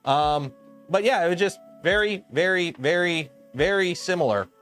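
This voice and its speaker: Rambling livestream host, man, slight lisp, fairly high voice, faint music underneath. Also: moderate pace, a bit bright, clean tone. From Canada. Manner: rambling, lots of "um" and restarts. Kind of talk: casual livestream chat.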